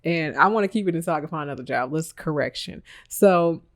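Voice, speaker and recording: A podcast host telling a work story in a casual monologue, animated and emphatic, laughing often and tossing blunt asides at listeners. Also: mid-range voice, fairly quick.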